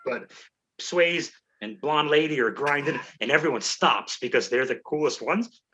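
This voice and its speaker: A man tells a movie plot as a comedy bit. He rambles and swears, stumbles through restarts and mocks himself. His voice is bright and forceful, and the audio sounds dull and lo-fi. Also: fairly high pitch, animated, normal speed, husky. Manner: rambling, profane, self-mocking storytelling with stumbling restarts. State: out of breath. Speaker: comedy podcast host. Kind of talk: comic movie recap.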